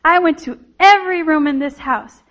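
A woman's voice: high voice, normal speed, fairly bright tone, dull audio, voice pushed up. Mary, an eager little girl, as a woman puts her on. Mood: childlike. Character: eager, fussy seven-year-old girl.

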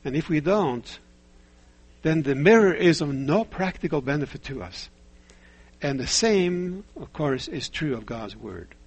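Husky-voiced male preacher. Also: a little high, expressive. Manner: measured preaching with rhetorical questions and stories. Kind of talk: sermon.

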